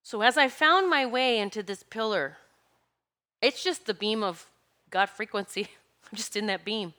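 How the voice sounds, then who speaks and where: Bright-voiced woman giving a rambling spiritual talk. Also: medium pitch, measured pace. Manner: rambling, searching for words, laughs between thoughts. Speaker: spiritual speaker.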